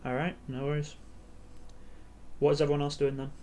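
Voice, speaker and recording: A man's voice: on the high side, flat delivery, a little fast, darkish tone, a little hiss or hum. A man running a tabletop game on stream as game master, narrating loosely and hesitantly with many fillers. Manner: loose, hesitant narration full of ums and "sort of".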